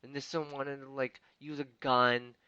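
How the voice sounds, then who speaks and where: A man hosting a podcast, ranting with constant swearing and swinging between loud outbursts and muttering. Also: medium pitch, level tone, moderate pace, smooth, no echo, highs cut off. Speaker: podcast host. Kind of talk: profane comedic rant.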